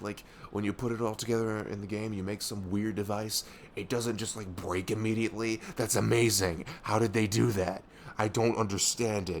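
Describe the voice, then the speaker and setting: A young man in whispered role-play, playing a best friend who rambles excitedly and keeps apologizing. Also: fairly low pitch, a little hiss or hum. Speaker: audio roleplay performer.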